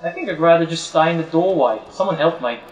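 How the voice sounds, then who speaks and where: Man, chatty gamer, mock British accent, lively pitch, echoey, off-mic. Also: quick pace, recorded from a distance, faint music behind. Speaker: let's play co-host. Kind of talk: casual gaming banter. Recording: roomy, off-mic.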